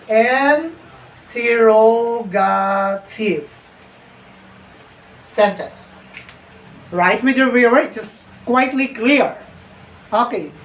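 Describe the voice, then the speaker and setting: A woman teacher with a fairly high voice walks her viewers through a grammar lesson. She often repeats phrases and calls out "my dear viewers". She sounds distant from the mic, in an echoey room with faint background noise.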